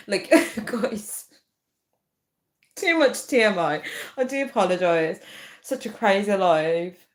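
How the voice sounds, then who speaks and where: A young woman chatting casually to viewers, ranting in an animated way and laughing often. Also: on the high side, moderate pace. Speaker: vlogger.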